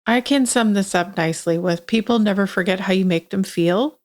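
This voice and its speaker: A woman's voice: mid-range voice, normal speed. A woman guest on a podcast, telling a reflective story in an earnest, sincere way. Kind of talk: conversational podcast talk.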